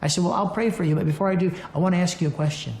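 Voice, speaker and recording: A man's voice: high voice, very fast, vocal fry, a little mellow, roomy sound, a little hiss or hum. A man, a pastor and Christian author, telling a story in an earnest, conversational way on a TV studio set and acting out the quoted dialogue.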